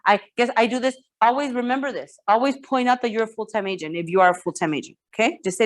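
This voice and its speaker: A woman coaching real estate agents in a lively training talk, often repeating herself and checking that the room follows. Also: on the high side, fast talker, few pauses. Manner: energetic, repeats words, asks the room for checks.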